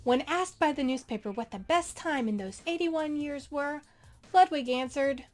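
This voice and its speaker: A woman's voice: high voice, lively intonation, slow pace, long pauses, a little mellow, soft background music. A woman hosting a casual video, reading out posts with chatty, sarcastic commentary. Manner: sarcastic, chatty, laughing asides. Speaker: video host.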